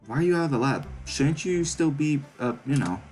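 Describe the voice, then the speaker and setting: A man's voice: on the high side, lively intonation, fairly quick, a little mellow, soft background music, voice pushed up, natural voice. A man voicing an anxious, earnest young male hyena who has just finished school, in a game reading. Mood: startled. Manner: nervous, earnest, questioning.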